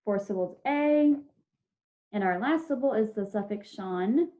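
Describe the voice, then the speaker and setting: A woman's voice: medium pitch, lively intonation, normal speed, mellow. A woman teacher giving a patient, step-by-step spelling lesson to children over a video call, sounding out each syllable and letter. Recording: dull lo-fi video call audio.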